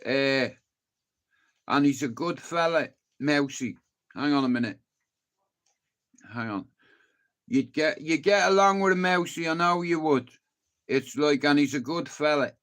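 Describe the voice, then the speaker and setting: A man with a Dublin Irish accent talks loosely to his stream viewers, his voice sitting a little high for a man. He rambles from one thought to the next and swears freely. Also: a little slow, pauses often, fairly bright tone. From Dublin, Ireland. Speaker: livestreamer. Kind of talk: casual livestream chat to viewers.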